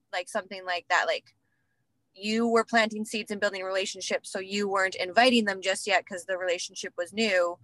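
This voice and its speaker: A woman in a class asks a question, hesitant and full of fillers. Her voice is bright and sharp, recorded dry and close. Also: mid-range voice, no echo, poor audio. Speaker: class participant asking a question. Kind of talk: casual question.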